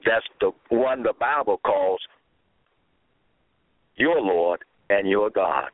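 A man's voice: lowish voice, lively intonation, slow pace, no echo. A man preaching a radio-style sermon, teaching in a didactic way and asking the listener rhetorical questions. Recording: tinny phone-line sound, dry.

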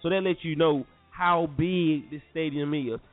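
A young man from North Carolina, animated and slangy, telling a story to listeners as a podcast host. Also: on the high side, unhurried. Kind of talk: casual storytelling. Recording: phone-like lo-fi audio with faint music.

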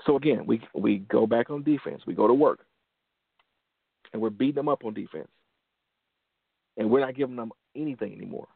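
Gravelly man telling a story over a phone line. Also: mid-range voice, a little fast, pauses often, no echo. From Detroit, USA. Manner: earnest, repeats phrases for emphasis. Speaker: motivational show host. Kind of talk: motivational storytelling. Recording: dry phone-line sound.

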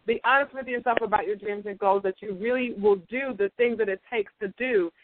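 A woman's voice: mid-range voice, brisk, background noise. A woman co-hosting a motivational talk show, emphatic and fond of saying "absolutely". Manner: emphatic, says "absolutely" often. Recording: phone-line audio, dry.

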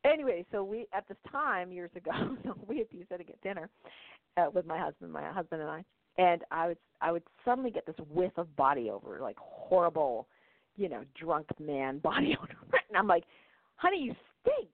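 A woman's voice: fairly low pitch, lively intonation, fairly quick, no echo. Chatty lady host telling stories, keeps laughing and saying right, bone dry sound. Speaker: podcast host, intuition teacher. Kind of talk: casual storytelling talk. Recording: phone-like narrow band, dry.

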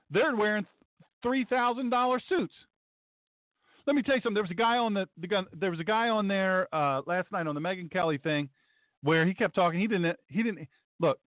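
A man's voice: high voice, no echo. A male pastor hosting a commentary show, talking in a sarcastic, emphatic way and often repeating his phrases. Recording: dry, tinny phone-like sound.

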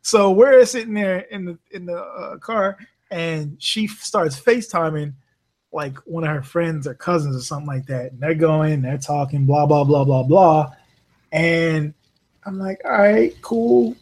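A man raised in Bermuda speaks at a measured pace in a fairly high voice, guesting on a podcast and telling stories about his work as a rideshare driver. The chat is casual and animated; he swears freely and acts out the voices of the people he quotes.

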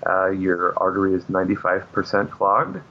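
A man with a fairly low voice tells long, meandering anecdotes as a guest in a casual interview. He leans on fillers and restarts as he goes. The recording is dull and muffled. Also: moderate pace. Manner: rambling anecdotes with many fillers. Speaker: comic book artist guest. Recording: muffled lo-fi audio.

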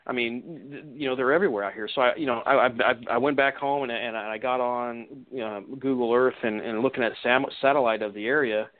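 A man's voice: medium pitch, steady tone, quick pace, few pauses. A man recounting an encounter as a guest on a radio interview, rambling with many restarts and "you know"s. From Washington state. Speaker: eyewitness guest. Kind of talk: casual storytelling interview. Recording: tinny phone line.

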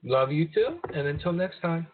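A man's voice: fairly high pitch, moderate pace, slight background noise. A man hosting a radio show, chatting casually with a guest and laughing often. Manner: laughing, relaxed banter. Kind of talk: casual chat. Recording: tinny phone-like audio.

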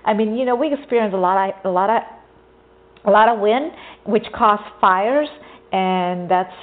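A woman's voice: medium pitch, normal speed. A young woman from California talking casually as a podcast host, rambling and conversational, often circling back to earlier points. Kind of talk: casual informational monologue. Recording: tinny phone-like audio.

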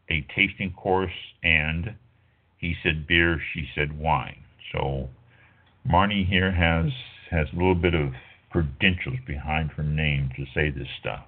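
A man's voice: low-pitched, phone-quality sound. A middle-aged man hosting a wine talk show, rambling casually with lots of fillers and stopping to correct himself. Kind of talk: casual talk radio monologue.

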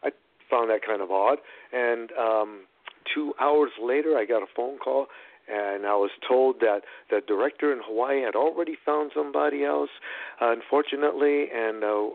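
A middle-aged man, an actor and producer, retelling his story in an animated, rambling way with many restarts. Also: medium pitch, normal speed, vocal fry. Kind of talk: storytelling in a phone-in interview. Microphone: phone line. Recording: phone-line radio call-in.

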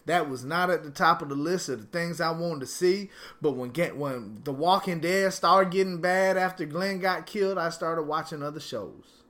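Angry, bright-voiced man ranting solo. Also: on the high side, moderate pace, few pauses. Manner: angry, profane ranting with slang. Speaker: podcast host. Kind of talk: solo podcast rant. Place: at home.

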